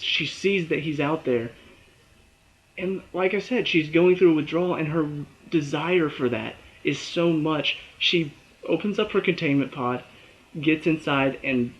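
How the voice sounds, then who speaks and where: Animated young-sounding man reviewing TV. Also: on the high side, muffled recording. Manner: animated, acts out characters' lines and his own reactions. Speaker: TV show reviewer. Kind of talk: casual solo review.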